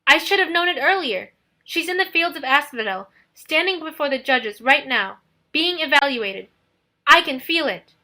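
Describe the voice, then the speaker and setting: A young boy torn between grief and rage hurls accusations in a high, breaking voice, as a woman reading an audiobook plays him. He shouts much louder than the narration around him, with a bright, sharp edge. It is storybook voice work for a heartbroken child. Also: lively intonation, moderate pace, exaggerated voice. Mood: grieving.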